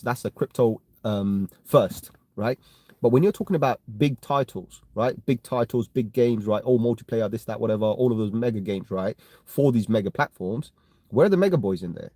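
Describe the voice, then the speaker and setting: A man with a London accent, talking in an easygoing, rambling way as he answers viewer comments. His voice sits fairly low and sounds soft and mellow. The sound is close and dry. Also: no echo. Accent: London English. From London, England. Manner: chatty, rambling, keeps tagging "right?" and "you know what I mean". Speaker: crypto live-stream host. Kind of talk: casual live-stream chat answering viewer comments.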